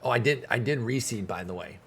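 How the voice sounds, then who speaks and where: A man's voice: mid-range voice, animated, fairly quick, vocal fry, fairly bright tone, slight background noise. A man streaming a baseball management game, giving casual commentary in a frustrated, sarcastic way and swearing often.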